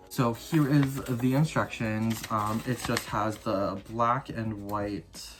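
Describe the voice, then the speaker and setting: Chatty upbeat man unboxing a doll. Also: mid-range voice. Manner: chatty, upbeat, lots of "like" fillers. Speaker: doll collector YouTuber. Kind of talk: casual unboxing vlog.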